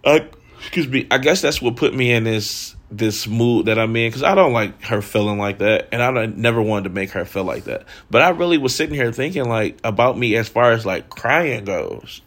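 Hosting a frank, reflective personal monologue, this thirty-something man curses freely and leans heavily on "like" as a filler. His medium-pitched voice is animated and a bit bright, moving at a moderate pace with hardly any pauses.

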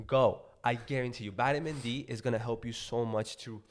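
A young man from Mexico co-hosting a podcast, chatting casually, profane and animated, with joking outbursts. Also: medium pitch, fairly quick, slight background noise. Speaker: podcast co-host. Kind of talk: casual chat.

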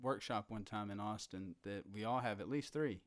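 A man, soft-spoken and a bit mumbly, chatting casually as a podcast host. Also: fairly low pitch, moderate pace. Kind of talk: casual comedic chat.

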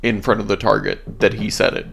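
A man's voice: lowish voice, flat delivery, a little fast, creaky, fairly bright tone. A young man in casual podcast chat, earnest and blunt, swearing casually.

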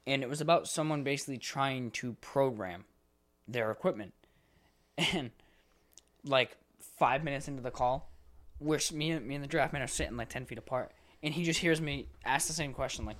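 A young man co-hosting a casual podcast, venting in an exasperated, profane rush. He acts out both sides of his phone calls, and his voice sits at an ordinary middle pitch. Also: lively intonation, brisk, fairly bright tone. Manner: exasperated, swears a lot, acts out callers. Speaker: podcast co-host. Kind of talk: casual chat.

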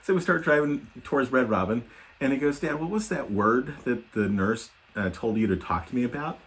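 A man's voice: mid-range voice, lively intonation, brisk. Rambling man telling a dad story. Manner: rambling, self-deprecating, many ums and likes. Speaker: podcast co-host. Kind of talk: casual storytelling chat.

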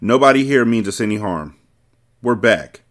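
A loud, bossy gangster brother, played by a man reading a novel, easygoing one moment and cursing the next. His voice sits fairly low, and his slang is loose and profane. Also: lively intonation, normal speed. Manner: loose, profane street talk. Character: jovial male gangster, brash and bossy.

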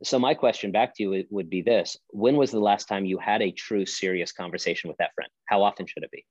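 Emphatic low-voiced male pastor. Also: a little fast, no echo, highs cut off. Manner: emphatic, preacherly, rhetorical questions. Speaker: pastor and podcast guest. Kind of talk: podcast conversation.

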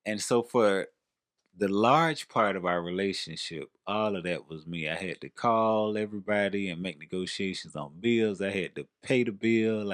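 A man with a Southern accent, co-hosting a casual podcast chat with his wife and telling stories with lively quoted voices. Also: low voice, no echo, clean studio sound. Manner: animated storyteller, acts out quoted voices. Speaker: podcast co-host.

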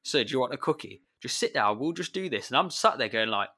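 A man, a secondary school maths teacher, talking in a relaxed chat and acting out his pupils as he tells stories. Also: medium pitch, quick pace. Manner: chatty, animated when retelling pupils. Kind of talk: casual chat.

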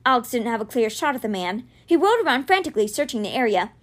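A woman reading a children's fantasy novel aloud, narrating expressively. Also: quick pace. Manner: expressive, voices dialogue with raised pitch. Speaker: reader.

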